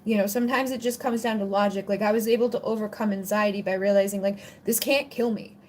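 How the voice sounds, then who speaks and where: A woman's voice: mid-range voice, fairly even intonation, fast talker, a little mellow, slight background noise. A woman hosting a casual livestream Q&A on spiritual topics, chatty and rambling with plenty of "like" fillers. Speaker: spiritual channel host answering viewer questions.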